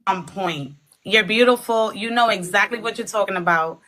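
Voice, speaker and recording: A woman's voice: medium pitch, moderate pace, sharp tone, rough recording. A woman in her thirties, a podcast guest, talking earnestly about dating, with many fillers. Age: 30s. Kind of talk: casual chat.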